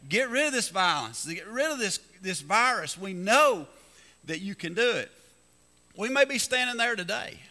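A man preaching a sermon as pastor, reading scripture slowly and building emphasis. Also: high voice, animated, sharp tone, big-room sound. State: coughing, slightly hoarse.

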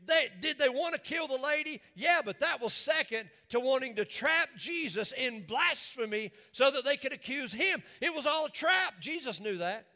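A man preaching with a very high, bright, forceful voice and an emphatic, repetitive cadence. His words ring out with a long reverb, as in a large church sanctuary. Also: expressive, moderate pace, hardly any pauses. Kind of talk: sermon.

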